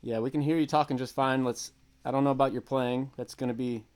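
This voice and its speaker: A man co-hosting a music livestream, relaxed and joking as he reads viewer comments aloud. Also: medium pitch, fast. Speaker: co-host and guitarist. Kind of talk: casual livestream chat.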